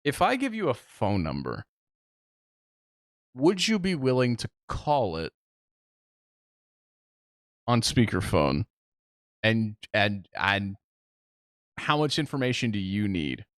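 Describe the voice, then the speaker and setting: A young man co-hosting a podcast, telling a story in casual chat and acting out the quotes with big jumps in pitch. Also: huge pitch swings, slow pace, long pauses, a bit bright, no echo, clean studio sound. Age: young adult. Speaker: podcast co-host.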